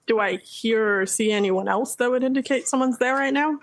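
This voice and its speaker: Chatty woman player, halting speech. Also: fairly high pitch, no room sound, poor audio. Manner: chatty, halting, many fillers. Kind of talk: casual game chat.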